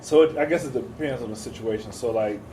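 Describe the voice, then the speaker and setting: Speaking fast in a warm, medium-pitched voice, a young man co-hosts a podcast, keeping the chat easygoing, laughing often and acting out quotes. The audio is poor, with background noise.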